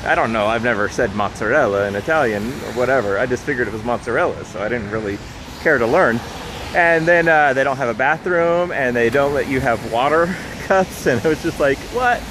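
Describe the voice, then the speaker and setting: A man's voice: mid-range voice, brisk, background noise. A man chatting casually to camera while out on a rainy city street, rambling and upbeat and laughing often. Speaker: vlogger. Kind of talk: casual vlog chat. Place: outdoors on a city street in the rain.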